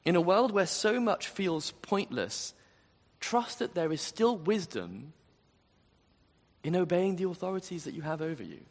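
A man's voice: high-pitched, big pitch swings, unhurried. A man preaching a sermon, earnest and emphatic, often asking his listeners rhetorical questions. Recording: long reverb of a large hall.

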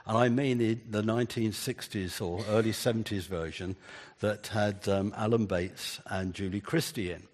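A man's voice: fairly low pitch, fairly even intonation, normal speed, in a large hall. An older man preaching a sermon in an earnest way, building emphasis through repeated phrases.

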